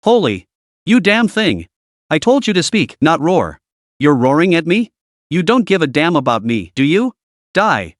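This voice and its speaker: A man voicing a brash, trash-talking male magpie beast who bullies others loudly. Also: a little high, very animated, a little slow, dry recording, clean studio sound. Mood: sneering bully. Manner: sneering, bullying, loud.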